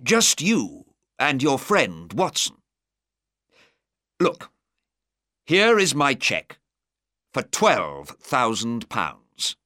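A man voices a tired, older nobleman, proud but shaken, whose words come weary and strained. The voice sits higher than the reader's own low tone and moves freely. It is bright and dry, recorded up close. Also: huge pitch swings, very slow, pauses often, no echo, exaggerated voice. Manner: weary, strained, sometimes sharp.

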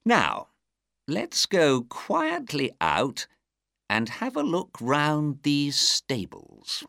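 A man voicing an eager male detective in a storybook reading, full of excited, probing questions. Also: fairly high pitch, drawn-out words, gravelly, dry recording, clean studio sound, pitched above the performer's own voice, full character voice.

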